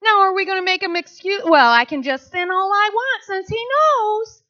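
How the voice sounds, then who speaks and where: A woman's voice: very high-pitched, lively intonation, normal speed, pushed and bright. A middle-aged woman pastor preaching a conversational sermon, slipping into little quoted voices. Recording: dull lo-fi sound.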